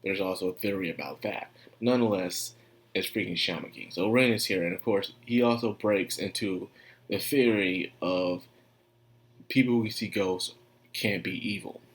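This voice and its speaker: A man's voice: sits low, moderate pace. A man giving a casual, rambling anime review, chatty and often laughing.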